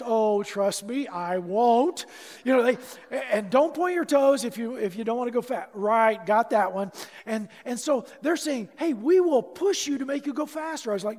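A pastor with a very high voice tells a personal story from the pulpit, animated and playing out each exchange, sometimes shouting at the tense moments. His voice rings out with a long reverb in a large hall. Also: normal speed.

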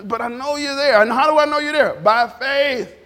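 A man preaching an informal, conversational sermon, animated and repetitive, drawing responses from the congregation. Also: extremely high pitch, moderate pace. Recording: long reverb in a church hall.

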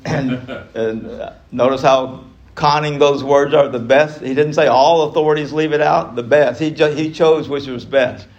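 A man's voice: on the high side, fairly even intonation, moderate pace, a little mellow, highs cut off. A man teaching an adult Bible class, emphatic, chuckling between points and repeating key phrases for emphasis.

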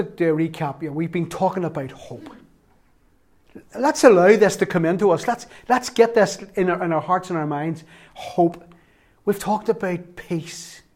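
A male pastor delivers a sermon in a somewhat high-pitched voice. He speaks with emphasis and circles back to repeat his key phrases for weight. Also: a little mellow. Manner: emphatic preaching with repetition.

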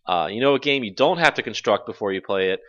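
A man hosting a casual gaming podcast, animated and jokey, swearing freely as he talks. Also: fairly low pitch, fast, crowd noise. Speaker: podcast host. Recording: lo-fi audio.

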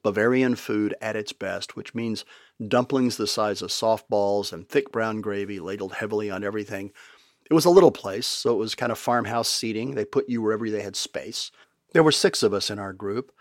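A man's voice: lowish voice, dry recording, studio quality. An older man narrating his travel stories in a wry, conversational way with playful asides. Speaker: podcast storyteller. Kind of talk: storytelling narration.

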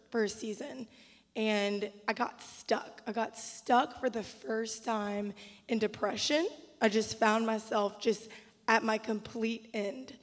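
A woman giving a quiet, reflective personal testimony at a church service. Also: a little high. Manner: soft, reflective, halting speech. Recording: long hall reverb.

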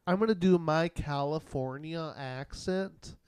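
A man's voice: on the high side, measured pace, clean tone, dry recording. A man in a casual chat, chiming in with teasing questions.

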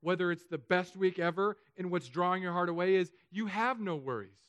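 A fairly high-voiced man preaches a sermon with feeling. He swings from loud, pressing appeals down to soft, hushed passages. His voice sounds close and dry, with no room echo. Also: a little fast, dull audio. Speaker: pastor.

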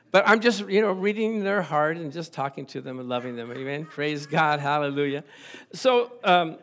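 Older guy pastor preaching, kinda high voice, chuckles a lot, acts out the bits. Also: normal speed. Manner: animated, chuckling, acts out little dialogues. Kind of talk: sermon.

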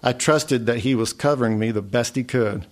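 A man reading a literary memoir story aloud in a measured way. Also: mid-range voice. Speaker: narrator.

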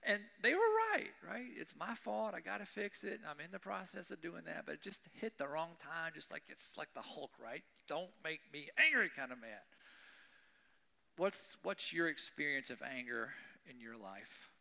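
This male pastor's voice is a little high, creaky and sharp, moving at a moderate pace. Preaching conversationally to the congregation at a church service, he keeps asking them "right?"

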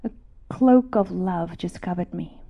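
A woman giving an emotional Christian testimony, repeating words for emphasis and often dropping to a hushed whisper. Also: lowish voice, a little slow, gravelly. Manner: drops to hushed whispers, then rises to emphatic repetition.

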